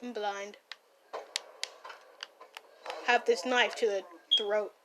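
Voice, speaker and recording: A woman voicing a brash, hot-tempered young gang-boss man in a listener role-play while gaming, scolding and yelling. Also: medium pitch, little pitch movement, unhurried, slight background noise. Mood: annoyed gaming. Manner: loud, scolding, easily startled, playful yelling. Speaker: fan voice actor.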